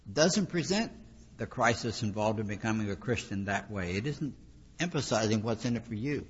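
A man's voice: medium pitch, breathy edge. A man preaching a sermon in a conversational, emphatic way, repeating phrases for weight, recorded with a dull, lo-fi sound in a reverberant hall.

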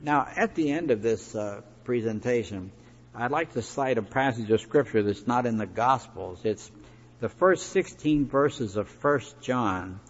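A man's voice: medium pitch, lively intonation, a little slow. A man preaching a sermon in a folksy, conversational way, with asides and fillers. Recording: echoey hall, dull lo-fi recording.

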